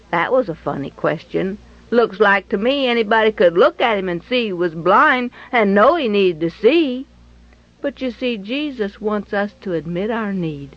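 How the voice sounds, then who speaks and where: A woman with a fairly high voice tells a Bible story slowly and expressively, swinging between soft, sad lows and excited highs. She repeats phrases for emphasis, and the recording sounds slightly dull and lo-fi.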